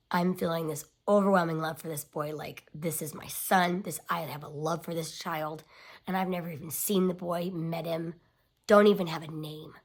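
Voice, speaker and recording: A woman in her thirties telling a personal family story in a confiding way, often dropping to a near-whisper. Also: deep voice.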